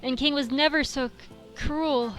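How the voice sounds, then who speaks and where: A woman's voice: high-pitched, fairly even intonation, moderate pace, a bit bright, soft background music. A woman voicing a heartbroken, devoted video-game companion in an earnest, wistful way. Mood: distraught.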